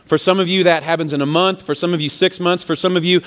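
A man's voice: high voice, steady tone, fast talker, fairly bright tone, in a large hall. A man serving as student pastor, preaching a sermon in a casual, joking, conversational way. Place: church sanctuary.

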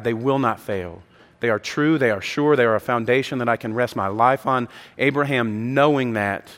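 A pastor with a medium-pitched, fairly bright voice preaches an impassioned sermon, acting out the voices of the people in his story. The recording has a long hall reverb.

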